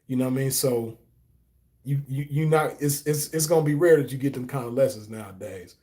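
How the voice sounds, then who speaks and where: Brisk and dark in tone, this man's mid-range voice belongs to a stream host who reads out chat comments. His storytelling is a loose, casual monologue, full of "you know what I mean" fillers as he responds to chat.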